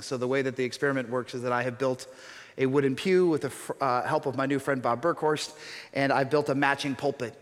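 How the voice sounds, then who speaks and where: A man preaching a sermon as pastor, telling stories with self-mocking humor. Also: fairly high pitch. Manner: storytelling, animated and self-mocking. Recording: reverberant hall.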